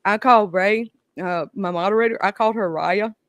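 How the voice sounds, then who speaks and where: A Southern US woman hosts a relaxed live-stream chat, joking and laughing as she talks. Her voice sounds dry and close to the mic, with no room around it. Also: medium pitch, fairly quick, dry recording. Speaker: host.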